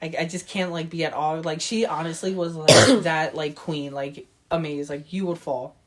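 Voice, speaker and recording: A woman co-hosting a podcast in casual chat, speaking with enthusiasm and halting over her words. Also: low voice, steady tone, a crowd in the background. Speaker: podcast co-host. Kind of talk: casual chat about a video game.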